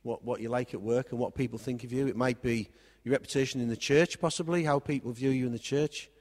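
A man's voice: mid-range voice, fairly even intonation, fast talker, darkish tone. A man preaching a sermon in a wry, conversational way, repeating key phrases as he speaks to the congregation. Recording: long hall reverb.

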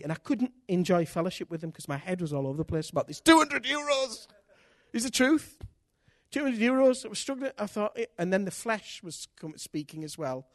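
Preacher guy telling stories, animated and candid, fairly high voice, totally dry sound. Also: dry recording. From Britain. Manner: animated, candid, self-mocking humor. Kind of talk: sermon with personal storytelling.

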